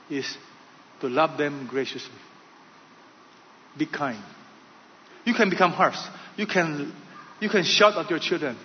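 A man delivers a sermon with a fairly high voice, speaking in short, emphatic phrases that swing from loud to hushed. The sound is a little dull and carries a long hall reverb. A faint background hum sits under his voice. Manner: preaching in short phrases, shifting between loud and soft. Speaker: pastor.

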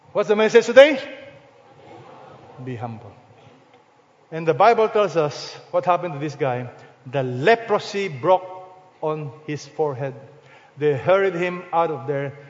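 A man with a Filipino accent preaching a sermon as pastor, firing rhetorical questions and swinging between loud stresses and hushed lines. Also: high voice. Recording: reverberant hall, dull lo-fi sound.

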